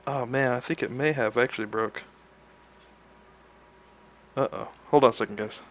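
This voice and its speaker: A man's voice: medium pitch, moderate pace, a little hiss or hum. A man in his thirties talking casually as he teaches an anatomy sculpting demo, explaining step by step as he works. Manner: relaxed, explains while demonstrating. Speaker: art instructor.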